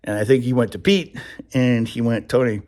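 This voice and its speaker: A man's voice: mid-range voice, moderate pace, darkish tone. A man telling a rambling workplace story in a casual vlog, laughing now and then. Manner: chatty, rambling, laughs often. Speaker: vlogger.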